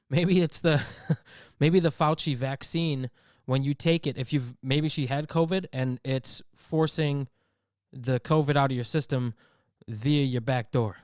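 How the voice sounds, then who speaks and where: Brief: comedic podcast host, animated storyteller, clear voice, dry sound. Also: male voice, fairly high pitch, a little slow, no room sound. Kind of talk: comedic rant.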